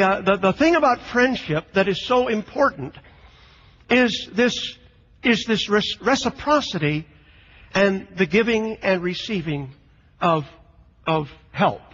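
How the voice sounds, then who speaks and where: A man lecturing on scripture in an unscripted, halting style, often repeating words as he thinks. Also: sits high, a bit bright, husky, long reverb tail, lo-fi sound. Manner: halting, repeats words, reads quotes with emphasis. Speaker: lecturer on the New Testament.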